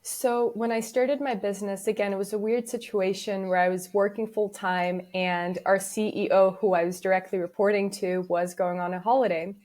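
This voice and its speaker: A woman's voice: medium pitch, normal speed, hardly any pauses. A young adult woman, a business founder guest in an interview, telling stories casually and acting out the dialogue she quotes. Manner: lively storyteller who acts out quoted dialogue.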